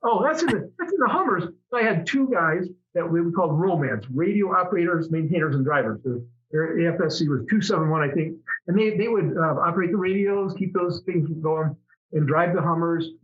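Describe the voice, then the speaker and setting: A man's voice: a little high, phone-quality sound. A middle-aged man, a former fighter pilot, telling stories in a casual interview, rambling with many restarts.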